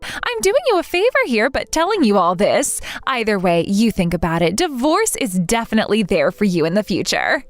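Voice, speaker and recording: A woman's voice: mid-range voice, very animated, moderate pace, dry recording, soft background music, natural voice. A woman voicing a spiteful younger sister in a text-message story, talking down to others in a sneering, condescending way. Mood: mocking. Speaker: wedding guest refusing to attend.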